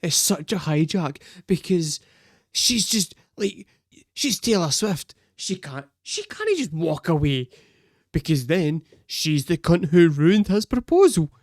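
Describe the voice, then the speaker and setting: A woman's voice: on the low side, big pitch swings, slow, a little mellow, no echo, studio quality. Swearing, laughing woman reacting on camera. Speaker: reaction video host. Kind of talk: casual reaction commentary.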